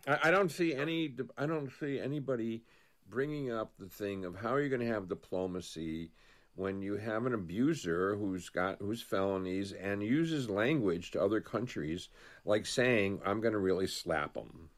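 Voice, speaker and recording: A man's voice: on the low side, moderate pace. Rambling man in casual political talk. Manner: rambling, restarts often, acts out quotes.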